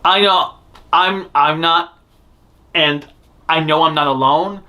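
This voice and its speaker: A man hosts a fan news show, rambling through blunt opinions with frequent restarts and self-interruptions in casual commentary. His voice is on the high side, slow and sharp, with fairly even intonation.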